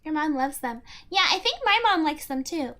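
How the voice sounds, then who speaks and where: A woman streamer chatting casually with her viewers, playful and quick to giggle. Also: high voice, big pitch swings, a bit bright. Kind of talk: casual live-stream chat.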